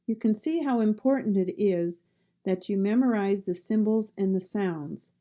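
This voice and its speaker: A woman teaching pronunciation, saying each word twice and stressing the sounds clearly. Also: mid-range voice, moderate pace, mellow. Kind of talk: slow, deliberate pronunciation lesson.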